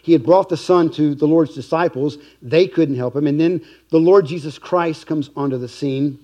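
Earnest preacher with a mellow, raised voice. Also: male voice, a little high. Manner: earnest preaching, slow emphatic stresses, softening to a hush at times. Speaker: pastor. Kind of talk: sermon.

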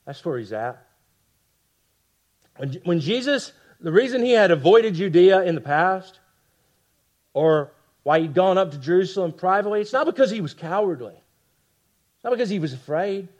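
A man preaching a sermon with passion, dropping to hushed lines for emphasis and tossing rhetorical asides to the congregation. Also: high-pitched, expressive, normal speed, long pauses. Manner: impassioned, swings from loud emphasis to hushed lines. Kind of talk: expository sermon.

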